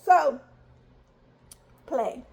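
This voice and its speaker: A woman in her thirties, a mother telling a story to her viewers in a chatty, emphatic way, repeating herself for effect. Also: drawn-out words. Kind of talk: casual storytime vlog.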